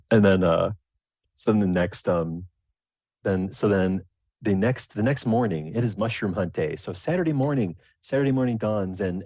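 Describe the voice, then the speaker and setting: A man's voice: deep voice, a little mellow, no room sound. A man narrating a tabletop game as game master, rambling with many restarts. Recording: dull lo-fi dry recording.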